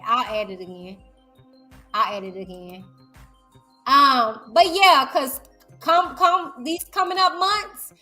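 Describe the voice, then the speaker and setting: A woman hosting a casual commentary vlog, talking loud and high-energy straight to her viewers. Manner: chatty, addresses viewers directly. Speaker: YouTuber host.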